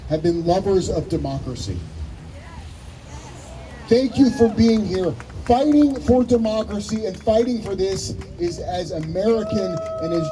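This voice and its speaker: A rabbi speaks to a crowd at an outdoor rally in a voice pitched high for a man. He tells his story with energy and puts on voices for its figures. Steady outdoor noise runs behind him. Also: far from the mic, low-quality recording. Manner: animated, acts out story voices.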